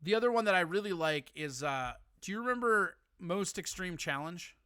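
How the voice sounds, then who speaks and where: A man with a bright, fairly high voice hosts a live call-in stream. He teases and swears freely in casual banter, and the sound is dry and close. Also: animated, normal speed, smooth, dry recording. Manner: joking, teasing, profane.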